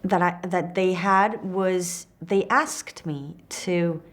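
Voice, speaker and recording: Slow, low-voiced French woman. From France. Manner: hesitant, searching for English words. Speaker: actress interviewee. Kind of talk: interview answers.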